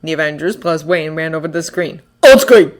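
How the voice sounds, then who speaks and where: A reader narrating a fanfiction audiobook in an even storytelling voice. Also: mid-range voice, quick pace.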